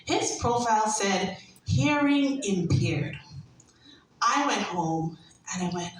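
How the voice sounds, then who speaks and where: A young woman doing stand-up comedy, telling a brash, animated story and breaking into laughter. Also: medium pitch, a little slow, distant mic, slight background noise. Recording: echoey room, heard from afar.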